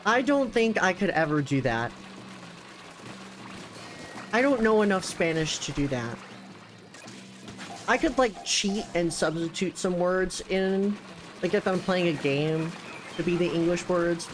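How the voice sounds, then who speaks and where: Excitable young man streaming a game. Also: unhurried, long pauses, soft background music. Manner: excitable, chatty, with sudden jumps in pitch. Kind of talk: casual gameplay commentary.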